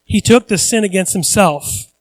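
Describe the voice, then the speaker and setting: A man's voice: high-pitched, moderate pace. A male pastor preaching a conversational sermon, earnest and repeating phrases for emphasis.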